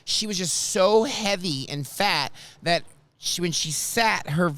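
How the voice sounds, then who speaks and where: A man's voice: sits high, slow pace, no echo. A man hosting a podcast, telling a story in casual chat and acting out the quotes dramatically. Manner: animated, dramatic retelling with acted quotes. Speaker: podcast host.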